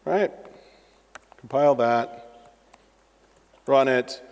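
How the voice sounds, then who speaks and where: A man's voice: medium pitch, very slow, clean tone. A middle-aged man giving a joking live-coding tech talk as a conference speaker in a large hall. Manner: animated and joking, with asides to the audience. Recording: long reverb of a large hall.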